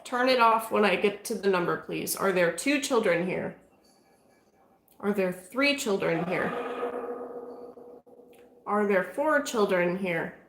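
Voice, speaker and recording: A woman's voice: medium pitch, animated, slow pace, pauses often, echoey room, slight background noise, poor audio. A woman chatting casually during a ghost-hunting session at a house. She keeps trailing off and restarting, and she stops to ask the spirits questions. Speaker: paranormal investigator. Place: room inside a house.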